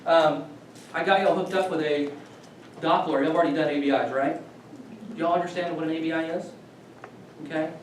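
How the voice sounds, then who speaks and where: Guy lecturing a class, slightly high voice, keeps asking okay?, recorded from way back in a big echoey room. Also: steady tone, fairly quick, pauses often. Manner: conversational, repeats okay as a check-in. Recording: echoey room from far off, faint noise.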